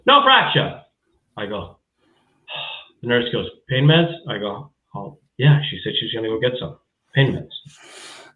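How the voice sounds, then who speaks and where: A man's voice: medium pitch, unhurried, pauses often, reverberant, phone-quality sound. A man hosting a casual chat, telling a story with lots of swearing and acting out what others said. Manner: profane, animated storyteller who acts out quotes. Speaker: podcast host.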